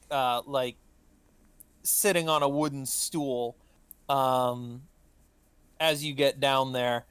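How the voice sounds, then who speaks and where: A man's voice: medium pitch, a bit bright, clean tone, no echo. A man running a tabletop game as game master, narrating with many ums and uhs. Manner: hesitant, full of ums and uhs.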